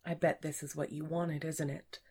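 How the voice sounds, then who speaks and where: A woman voicing a stern, teasing female office supervisor in an erotic audiobook reading, speaking in a sly, commanding way that often drops to a hush. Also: low voice, flat delivery, moderate pace, husky.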